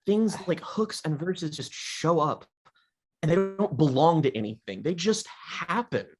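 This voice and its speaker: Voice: mid-range voice, lively intonation, measured pace. A podcast co-host in casual album review chat, sounding exasperated and sarcastic.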